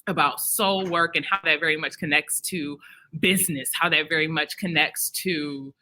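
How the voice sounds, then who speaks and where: A woman from Detroit hosts a live podcast at an expo, talking in a bright, ringing voice. She is chatty and animated, laughing often and slipping into bits of song. Her talk is loose and friendly. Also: low voice, moderate pace, poor audio. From Detroit, Michigan. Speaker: podcast host. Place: expo venue.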